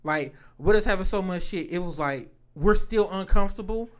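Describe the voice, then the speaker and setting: A man's voice: high-pitched, normal speed. A man co-hosting a crude casual chat, telling boastful stories and laughing often.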